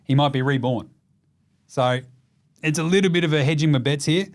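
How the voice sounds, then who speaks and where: Australian male host, slightly high voice, blunt and profane, casual sports rant. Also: a little fast. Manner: gets loud and high when ranting. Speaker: basketball show host.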